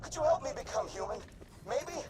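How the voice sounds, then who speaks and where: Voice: high voice, animated, fairly quick. A chirpy childlike robot. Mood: eager. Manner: eager, cheerful, simple phrasing. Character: childlike robot longing to be human.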